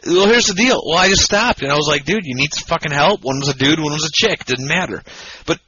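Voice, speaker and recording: Brief: drunk male podcast co-host, brassy bright tone, profane rambling, somewhat dull home recording. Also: a little high, quick pace, few pauses, a little hiss or hum. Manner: profane, rambling, loud and excitable. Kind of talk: drunk casual podcast banter. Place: home podcast setup, Michigan.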